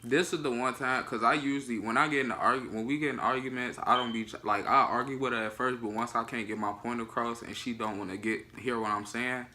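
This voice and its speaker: A man's voice: medium pitch, steady tone, quick pace, hardly any pauses, pushed and bright. A young man telling his side of a relationship story in casual, joking vlog chat. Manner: loose, joking, cuts in. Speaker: vlogger, storytelling half of a couple.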